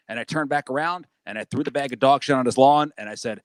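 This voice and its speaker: A male guest telling a story in a deadpan way during a casual chat. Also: medium pitch, fast talker, clean tone, dry recording.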